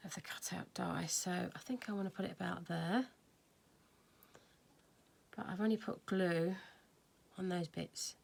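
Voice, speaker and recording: A woman's voice: on the low side, steady tone, measured pace, vocal fry, long pauses. A woman hosting a casual crafting tutorial, chatting and thinking aloud as she works. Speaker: craft video host.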